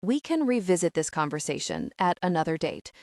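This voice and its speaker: A woman narrator voicing a guarded, grumpy male agent who talks in a measured, careful way in an audiobook romance. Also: fairly low pitch, huge pitch swings, darkish tone, dry recording, studio quality. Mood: earnest.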